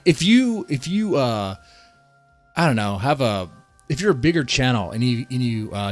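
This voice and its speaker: A male streamer ranting to his chat with heated, profane outbursts, repeating lines and tripping over restarts. His pitch sits in an ordinary middle range. Soft music plays underneath. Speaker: streamer reacting to a video. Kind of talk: casual live-stream rant.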